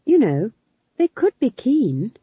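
A woman doing a fretful young witch in a storybook reading, pitched high above the narration and quavering as she defends herself. The voice sounds earnest and breathy. The recording is dull and dry. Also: big pitch swings, slow pace, dry recording, exaggerated voice. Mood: plaintive.

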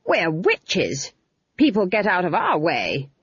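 A woman reading an audiobook, voicing a fierce, proud old witch woman who is quick to outrage. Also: fairly low pitch, wildly swooping pitch, slightly rough, dry recording, highs cut off, heavily acted. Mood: indignant. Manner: indignant shouting, drawn-out outbursts. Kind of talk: audiobook character voice.

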